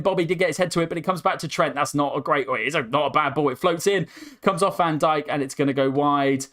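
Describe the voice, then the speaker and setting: A young man hosting a live football watchalong, commentating with rising excitement as his voice starts to go hoarse. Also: on the high side, brisk. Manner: excitable, voice climbs sharply with the action. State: voice going hoarse. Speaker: host.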